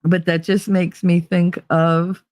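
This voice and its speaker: A woman with a New Jersey accent hosting a live stream, chatting casually and reading viewer comments in a very animated, emphatic way with lots of inflection. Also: fairly low pitch, slow, no echo, clean studio sound. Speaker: livestream host.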